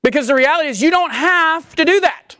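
A woman preaching a sermon in a conversational, animated way, acting out the voices she quotes. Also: high-pitched, fairly quick, dry recording, studio quality.

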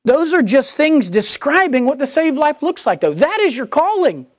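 A high-voiced woman preaches with a very lively, swooping delivery. She asks rhetorical questions and answers them herself, and reads scripture aloud. The sound is dry and close, with little room echo. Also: moderate pace. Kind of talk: sermon.

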